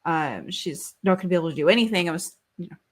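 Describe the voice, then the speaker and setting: A woman's voice: lowish voice, animated, fast talker. A woman in her thirties, a podcast co-host, telling a story in casual chat. She rambles with many fillers and swears freely.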